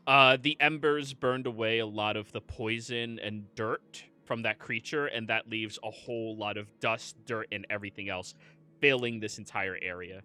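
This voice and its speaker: Bright-voiced male game master. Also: fairly low pitch, fairly even intonation, normal speed, clear, resonant tone. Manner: laughs often, casual and joking. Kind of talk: narrating a tabletop game.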